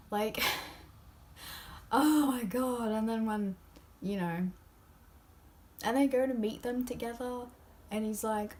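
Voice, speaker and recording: In a steady, mid-range voice with a slightly mellow tone, a young woman vlogs about a novel she loved, spoiling it casually. She speaks at a measured pace, pausing often, gushing with fillers and frequent whispers.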